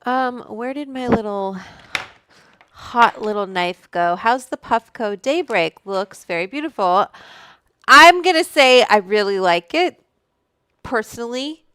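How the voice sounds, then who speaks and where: A woman hosts a casual livestream from her room at home, rambling from one thought to the next, greeting viewers by name and cursing freely. She talks at an unhurried, drawn-out pace into a studio microphone, and her voice comes through smooth and clean with a dry, close sound. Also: fairly high pitch, lively intonation, sharp tone, no echo. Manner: rambling, chatty, reads out viewer names and swears freely. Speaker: livestream host.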